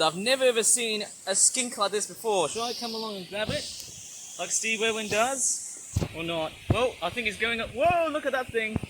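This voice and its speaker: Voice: medium pitch, a little hiss or hum. A vlogger exclaiming with wonder while walking a jungle trail near a waterfall, filming wildlife. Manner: excitable, marvelling, exclaims often. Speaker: nature vlogger. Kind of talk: walking nature vlog commentary.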